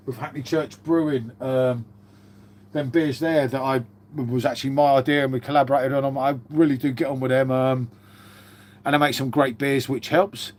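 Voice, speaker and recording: A man's voice: medium pitch, darkish tone. A man in his fifties hosting a casual live stream, rambling through stories, swearing freely and calling everyone mate. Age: 50s.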